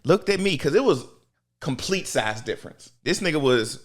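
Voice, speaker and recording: A young man, a podcast host, telling a story in casual talk and jumping into high voices for the people he quotes. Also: very animated, moderate pace.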